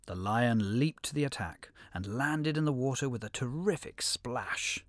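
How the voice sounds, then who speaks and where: A man narrating an animal fable in an expressive storybook reading. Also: mid-range voice, measured pace, few pauses, no room sound.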